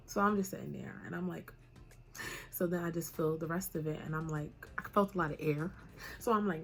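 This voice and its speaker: Young woman, low register, casual animated storyteller for a talk-to-camera vlog. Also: normal speed. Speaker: vlogger.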